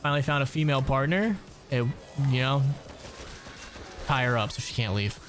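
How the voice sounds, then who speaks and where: A man's voice: mid-range voice, animated, moderate pace, fairly bright tone, faint music behind. Crude joking male gaming streamer. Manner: crude, joking, laughs often, reads chat aloud. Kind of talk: casual stream chat while gaming.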